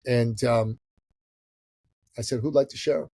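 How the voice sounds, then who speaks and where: On a podcast interview, a middle-aged entrepreneur from Iran spins a story, animatedly voicing the people in it. He speaks at medium pitch and a slow pace, sounding husky with vocal fry.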